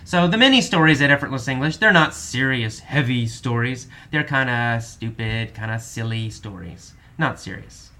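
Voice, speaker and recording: A man's voice: medium pitch, animated, sharp tone. A man teaching English vocabulary, explaining each word patiently and repeating definitions several times. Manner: slow, patient explanations with frequent repetition and fillers.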